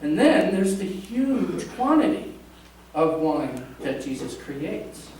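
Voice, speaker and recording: High-voiced pastor in an echoey church. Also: male voice, lively intonation, a little slow, a little mellow. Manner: conversational, jokes with the congregation. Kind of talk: sermon. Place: church sanctuary. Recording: echoey church from a distant mic.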